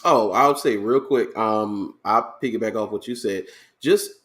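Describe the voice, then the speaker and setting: A man's voice: fairly low pitch, unhurried, fairly bright tone. A man co-hosting a podcast, speaking in an easygoing, thoughtful, casual way. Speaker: podcast co-host.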